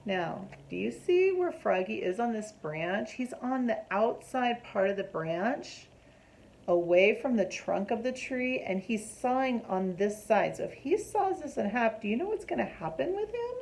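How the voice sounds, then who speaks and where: A woman reads a picture book aloud to young children, slow and unhurried, with a voice that rises and falls a lot. She pauses to point out pictures and ask questions, her pitch a touch high. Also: sing-song, gravelly, darkish tone. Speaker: storyteller reading to children.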